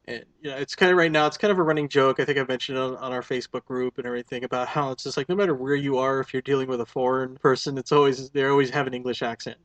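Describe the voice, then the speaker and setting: A man's voice: medium pitch, steady tone, racing, few pauses, fairly bright tone, no room sound. A man co-hosting a podcast, talking things through thoughtfully with careful hedges and restarts. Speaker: podcast co-host. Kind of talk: casual movie review chat.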